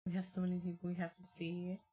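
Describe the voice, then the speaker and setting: This young woman talks quickly in a lowish, slightly breathy voice while streaming from home. She chats loosely with her audience, rambling with plenty of fillers and occasional bursts of excitement.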